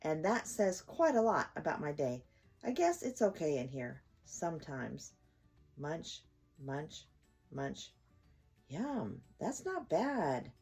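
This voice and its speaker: Grouchy bored house cat, lively complaining storybook voice, slow; woman reads. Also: low voice, husky, full character voice. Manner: complaining, sulky.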